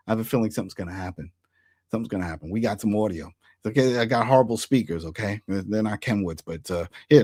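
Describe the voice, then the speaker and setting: A man hosts a casual recap of a TV episode, talking in a lively, swinging voice. He keeps slipping into quick put-on voices for the characters as he retells scenes. The sound is dry and close. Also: medium pitch, no room sound. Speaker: TV recap host.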